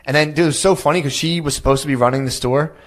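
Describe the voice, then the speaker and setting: Fast-talking man, crude and rambling. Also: a little high, fairly even intonation. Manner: rambling, crude, says "dude" a lot. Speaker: podcast guest. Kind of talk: casual storytelling chat.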